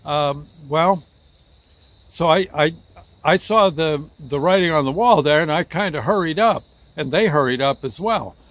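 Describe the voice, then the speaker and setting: Man, fairly high voice, casual halting anecdote teller. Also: dry recording. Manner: halting, rambling, restarts words often. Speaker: storyteller.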